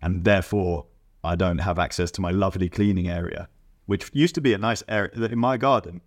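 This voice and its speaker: A young man co-hosting a podcast, chatting casually with quick asides and teasing questions. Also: low-pitched. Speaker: podcast co-host. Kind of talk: casual chat.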